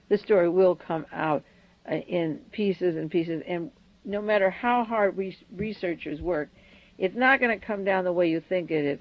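A woman's voice: on the low side, highs cut off. A woman hosting a solo radio commentary, speaking urgently and rattling off long lists of names and events. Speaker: radio host.

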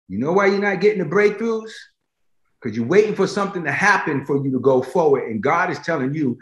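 A man's voice: on the high side, expressive, fairly quick. A man preaching a sermon, emphatic, repeating phrases for stress and asking his listeners directly if they follow. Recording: roomy echo.

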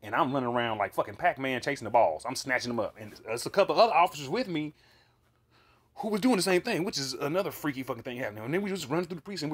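Husky and medium in pitch, a man's voice recounts a vivid dream in a casual monologue. He swears freely, sounds animated, and rambles with fillers and restarts.

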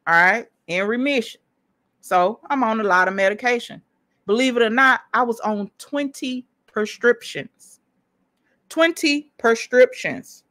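A woman telling a personal story in an animated, emphatic way, speaking straight to her listeners. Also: fairly high pitch. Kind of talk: casual storytelling monologue.

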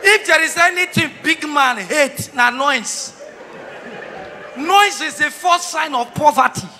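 Nigerian Pidgin stand-up man, very high and bright, slow and deliberate, loud teasing banter, booming hall echo. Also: a little hiss or hum. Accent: Nigerian Pidgin English. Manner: loud, teasing crowd banter with sudden shouts. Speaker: stand-up comedian. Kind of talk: live stand-up comedy. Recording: reverberant hall sound.

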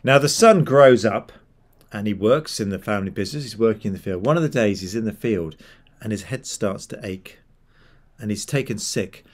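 A man preaching a sermon, retelling a Bible story in a lively, conversational way and voicing the characters as he goes. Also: lowish voice, normal speed.

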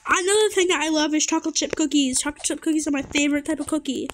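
A woman giving casual gameplay commentary, chatty and excitable and easily startled. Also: high-pitched, very fast, a little hiss or hum. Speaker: gamer.

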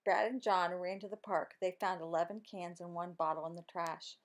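A woman reading a children's storybook aloud in an expressive, animated way. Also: fairly low pitch, normal speed. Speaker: storybook reader. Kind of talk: children's book read aloud.

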